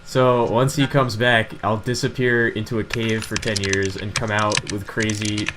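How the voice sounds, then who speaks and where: Low-voiced young guy, dry and laid-back. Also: little pitch movement, moderate pace, noisy background. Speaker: podcast co-host. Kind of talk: casual chat.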